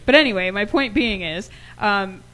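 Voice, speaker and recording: A woman's voice: medium pitch, animated, normal speed, bright, forceful tone, rough recording. A woman co-hosting a casual chat show, telling stories in a giggly, self-deprecating way. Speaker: podcast co-host.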